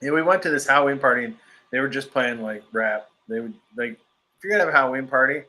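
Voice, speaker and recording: Guy cohosting a podcast, bright clear voice, jokey storytelling. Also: medium pitch, fast. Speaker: podcast co-host. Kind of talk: casual chat.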